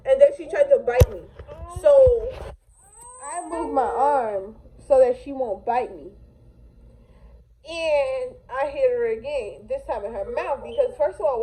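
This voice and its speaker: A young woman vlogger telling a storytime in an animated, slangy, casual way. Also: sits high, unhurried, low-quality recording. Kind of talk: storytime vlog.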